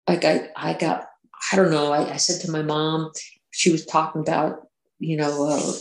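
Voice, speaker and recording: Guest: woman, gravelly voice, halting delivery, roomy echo. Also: low voice. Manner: hesitant, many restarts and fillers. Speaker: interview guest. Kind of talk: casual recounting of personal experiences.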